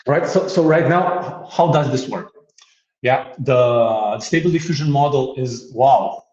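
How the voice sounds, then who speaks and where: A man giving a casual software demo, joking and laughing often, with many restarts and fillers. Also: medium pitch, measured pace. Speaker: guest demonstrating software. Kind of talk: casual tech demo chat. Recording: roomy, slightly dull remote audio.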